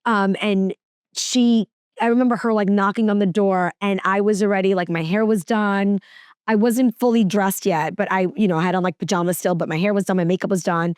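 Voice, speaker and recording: A woman's voice: mid-range voice, steady tone, a little fast, a little mellow, clean tone, no echo, studio quality. A woman guest, a working mom and TV reporter, telling personal stories in a casual podcast chat, earnest and full of "like" fillers and restarts.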